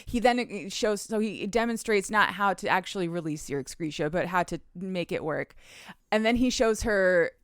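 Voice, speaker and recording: A woman's voice: medium pitch, moderate pace, smooth, no room sound, clean studio sound. A woman podcast host recapping a romance novel in casual chat, chatty, swearing freely and laughing often.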